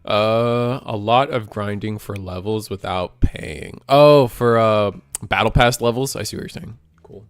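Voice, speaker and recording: A man hosting a store card game tournament stream, giving chatty, excitable play-by-play commentary to his chat. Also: lowish voice, a little slow, hardly any pauses, clean tone. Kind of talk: casual livestream play-by-play commentary.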